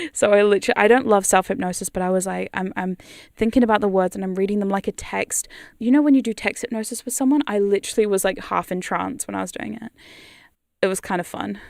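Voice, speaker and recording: A woman's voice: mid-range voice, steady tone, brisk, creaky, a little mellow, no echo, clean studio sound. A woman ASMR streamer chatting casually on a live stream, giggly and rambling with casual swearing.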